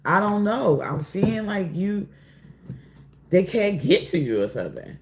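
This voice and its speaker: A woman doing a casual oracle card reading, drawling and rambling, often pausing to apologize. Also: mid-range voice, big pitch swings, a little mellow, a little hiss or hum. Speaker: tarot reader.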